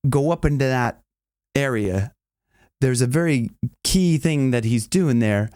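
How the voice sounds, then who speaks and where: A man's voice: medium pitch, a little slow, darkish tone. A male vocal coach explaining singing technique in a casual, enthusiastic, rambling way. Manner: enthusiastic, rambling, with many restarts and sung demonstrations.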